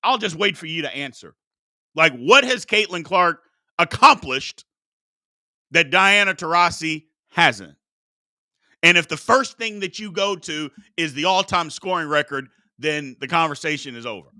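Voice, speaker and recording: A man's voice: on the high side, lively intonation, unhurried, sharp tone, no echo, clean studio sound. A man hosting a sports talk show, arguing heatedly with his chat and preaching about respect. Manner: combative, preachy, exclaims "Lord have mercy".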